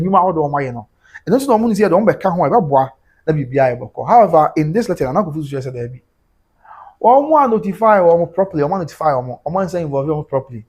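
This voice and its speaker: A Ghanaian man hosting a livestream talks quickly in a somewhat high voice. He jumps between Twi and English as he reads out viewer comments. His delivery is animated throughout. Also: breathy edge. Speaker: host.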